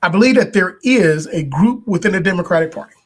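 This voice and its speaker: A man hosting a podcast, giving a political commentary monologue in a deliberate way, building points with repetition and rhetorical questions. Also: high-pitched, lively intonation. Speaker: podcast host.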